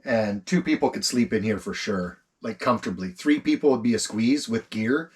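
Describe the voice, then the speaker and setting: A man filming a relaxed camp cooking vlog inside an ice fishing tent, savoring his food and talking with his mouth full. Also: on the low side, normal speed, husky. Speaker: outdoor vlogger.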